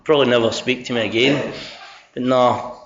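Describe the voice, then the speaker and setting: A man's voice: medium pitch, fairly even intonation, normal speed, fairly bright tone. Sweary middle-aged Scottish man sharing. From Scotland. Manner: sweary, self-mocking, earnest. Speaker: speaker sharing recovery story at a convention. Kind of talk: candid personal share. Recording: dull lo-fi convention recording.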